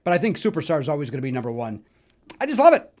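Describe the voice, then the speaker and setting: A middle-aged man from the Chicago area hosting a solo podcast, telling stories in a chatty, animated way with lots of fillers. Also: a little high, very fast. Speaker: podcast host. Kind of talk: solo musical nostalgia talk.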